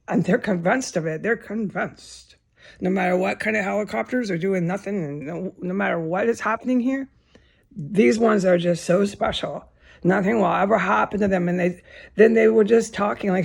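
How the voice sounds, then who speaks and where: Gravelly, agitated woman ranting. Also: medium pitch, normal speed, darkish tone. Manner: agitated, profane, indignant. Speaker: vlogger. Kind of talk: angry ranting vlog.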